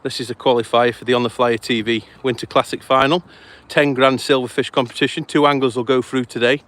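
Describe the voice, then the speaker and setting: A man's voice: mid-range voice, little pitch movement, fairly quick, fairly bright tone. A man hosting a live event outdoors by a lake, out of breath and chatty, apologizing as he talks. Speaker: host. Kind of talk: live on-the-move commentary.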